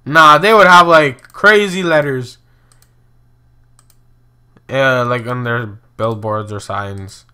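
With a clean, pushed and bright tone at medium pitch, this young man commentates casually on a geography guessing game. He moves slowly, leaving long pauses, exclaiming and teasing himself.

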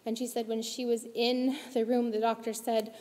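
A woman speaking to a congregation with raw emotion and urgent emphasis, her voice sitting fairly high. The sound rings out with a long reverb from a large church auditorium. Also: level tone, normal speed, darkish tone. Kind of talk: impassioned talk to a congregation.

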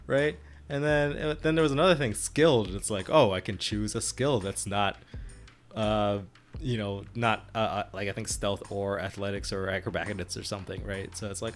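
A man's voice: lowish voice, moderate pace, faint music behind. A man co-hosting a podcast, recapping a tabletop game in casual chat, laughing often and rambling with lots of fillers. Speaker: podcast co-host and player.

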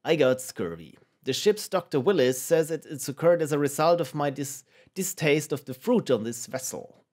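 An eager young first mate reads out his letter in a shaky, put-on British accent, as a man voices him. His delivery jumps around in pitch with earnest enthusiasm. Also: lively intonation, normal speed, darkish tone. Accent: poor put-on British.

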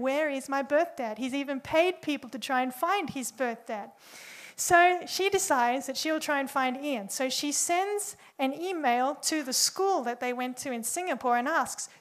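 A young woman preaching, telling a story in an animated way and acting out the quoted dialogue. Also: high-pitched. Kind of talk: sermon storytelling.

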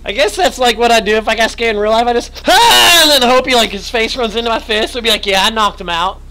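A man's voice: extremely high pitch, expressive, fast talker, bright, forceful tone, a little hiss or hum, poor audio. A young man chatting and swearing while streaming a horror game, his voice worn and his nose stuffy. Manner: chatty, yelps and swears at scares. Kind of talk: live gaming commentary.

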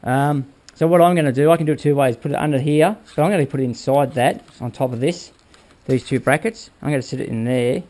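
A man shows off his motorbike project in his workshop, talking loosely and pointing things out as he goes. His voice sits at an ordinary middle pitch. He keeps checking in with the viewer in a casual, unscripted way. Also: quick pace, hardly any pauses, darkish tone. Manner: rambling, hands-on, addresses viewers with "all right?". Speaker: motorbike build vlogger. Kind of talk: casual workshop how-to talk.

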